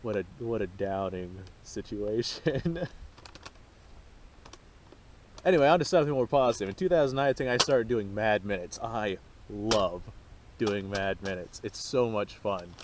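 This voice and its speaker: A man's voice: fairly low pitch, unhurried, a little mellow, a little hiss or hum. A man hosting his own firearms channel, chatting casually and rambling to camera while out at a shooting range, swearing freely.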